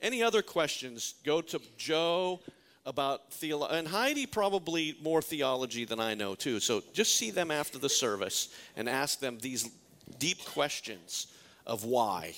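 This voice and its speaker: A man's voice: mid-range voice, measured pace. A male pastor preaching a sermon in a joking way, asking the congregation many questions. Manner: lively, joking, rhetorical questions.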